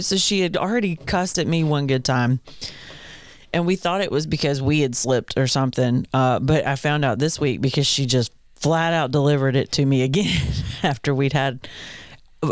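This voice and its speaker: A woman's voice: extremely low pitch, no echo, clean studio sound. A woman in her thirties, expecting her second child, co-hosting a casual parenting podcast and telling stories with frequent laughter. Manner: animated storyteller, laughs often. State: pregnant, third trimester. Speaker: podcast co-host. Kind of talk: casual chat.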